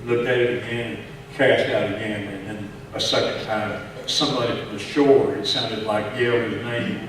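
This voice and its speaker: A pastor with a Texan accent preaches to his congregation, telling a story and often stumbling over repeated words. His somewhat low voice moves between hushed passages and raised ones. He is recorded from far off in a big echoey church hall with a faint hiss underneath. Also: little pitch movement, moderate pace. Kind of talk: sermon. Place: large church sanctuary.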